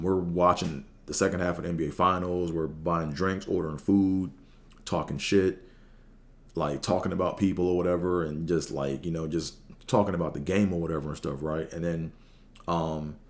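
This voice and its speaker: A man hosting a podcast, telling casual stories in a rambling way with lots of fillers, acting out quotes in a raised voice. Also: deep voice. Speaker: podcast host. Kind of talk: casual storytelling monologue.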